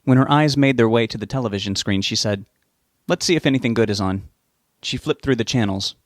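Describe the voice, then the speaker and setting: A man narrating a novel as an audiobook reader, giving the characters' lines small lifts in pitch. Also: brisk, no echo, studio quality.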